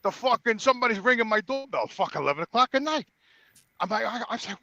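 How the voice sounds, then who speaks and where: An older man tells a profane, animated story while pacing around. His voice sits high and bright. The sound is dry and close. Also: fast talker, no room sound. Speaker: podcast regular calling in. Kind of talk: casual ranting storytelling.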